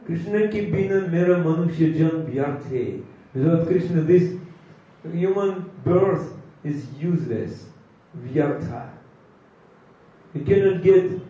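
A man giving a slow, emphatic sermon, drawing out chanted phrases and mixing in Hindi. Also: fairly high pitch, dark tone. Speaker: preacher. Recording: echoey hall from far off, dull lo-fi sound.

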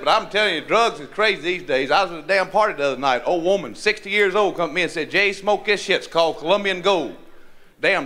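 A man with a North Carolina Southern accent doing a crude stand-up set, with a rough, profane, drawling punchline delivery. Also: sits high, a bit bright. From North Carolina, USA. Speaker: stand-up comedian. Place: comedy club stage. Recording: live club with crowd laughter and noise.

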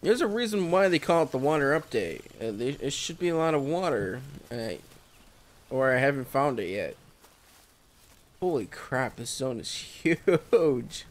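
A man's voice: medium pitch, sing-song, moderate pace. A man giving casual solo commentary over a survival game, exclaiming at surprises. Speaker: gameplay commentator.

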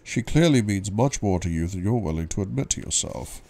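A man voicing a calm, probing male psychiatrist in an audiobook reading, with measured questions. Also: fairly low pitch, pitched above the performer's own voice.

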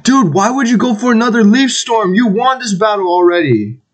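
Male gamer, playful ribbing tone, very animated pitch. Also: normal speed. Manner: teasing, playful trash talk. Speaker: online game player. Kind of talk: casual voice chat while gaming.

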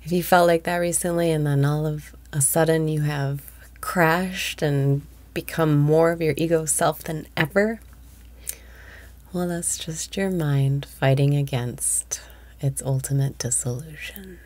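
A woman's voice: low-pitched, steady tone, a little slow, a little mellow. A woman guiding a meditation, giving half-whispered breathing cues and speaking with blunt, profane, self-deprecating candor. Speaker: meditation guide. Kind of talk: guided meditation.

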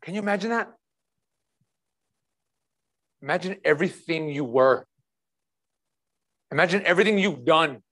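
A man's voice: fairly high pitch, moderate pace, pauses often, a bit bright. A man preaching a passionate sermon as pastor, repeating rhetorical questions and talking in a casual, conversational way.

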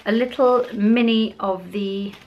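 A woman's voice: medium pitch, steady tone, slow pace, muffled recording, slight background noise. A middle-aged woman chatting casually as she unboxes beauty products for her vlog, gushing and exclaiming as she goes. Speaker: beauty vlogger.

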